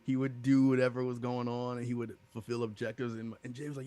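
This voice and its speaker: A man's voice: medium pitch, fast talker. Laid-back podcast man telling stories. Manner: animated, laughing, acts out quoted voices. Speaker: podcast co-host. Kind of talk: casual storytelling chat.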